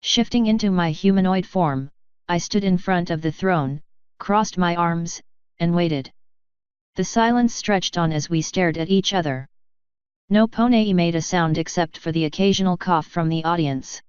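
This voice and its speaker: Woman narrator, fan fiction audiobook, very smooth, lowish voice, dry dull lo-fi sound. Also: unhurried, darkish tone, no room sound.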